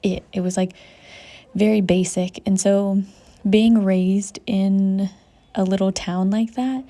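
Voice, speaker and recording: A young woman vlogging outdoors on a mountain trip. She talks in a soft, reflective and emotional way, saying "like" constantly and sometimes dropping into a whisper. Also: medium pitch, fairly even intonation, slow. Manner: soft, emotional, heavy use of "like", drifting into whispers. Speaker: travel vlogger. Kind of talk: reflective casual vlog talk.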